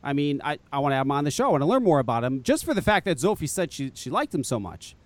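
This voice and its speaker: A man with a fairly high voice tells a story in a loose, profane way and throws himself into every quote. His pitch swings all over the place. The sound is dry and close, with no room around it. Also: fast, no echo. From northern US. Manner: profane, animated storyteller who acts out quotes. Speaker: podcast host. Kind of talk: casual storytelling chat.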